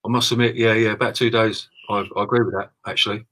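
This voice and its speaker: Bright, husky British co-host. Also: male voice, lowish voice, level tone, fast, low-quality recording. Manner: hesitant, lots of "I, I" restarts, laughs along. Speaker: livestream co-host. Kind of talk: casual livestream chat.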